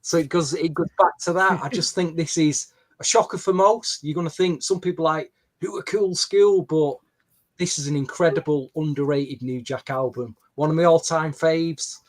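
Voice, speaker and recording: A man, hosting a podcast and telling a story in an animated, chatty way. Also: a little high, moderate pace. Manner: animated storytelling with quoted dialogue. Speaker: podcast host. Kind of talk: casual podcast chat.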